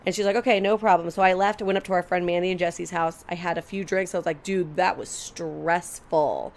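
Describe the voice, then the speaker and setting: This podcast co-host, a young adult woman, delivers a long casual story with acted-out quotes and plenty of swearing. Her lowish voice comes out rapid-fire with a flat delivery.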